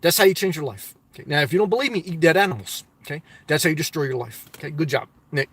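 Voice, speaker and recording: A middle-aged man from the US Northeast chats on a live stream, reading comments aloud and urging viewers on with upbeat, preachy energy. His voice sits fairly high for a man and speaks straight to the audience. The sound is dry and close, with almost no room echo. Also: lively intonation, fast talker, a bit bright, breathy edge.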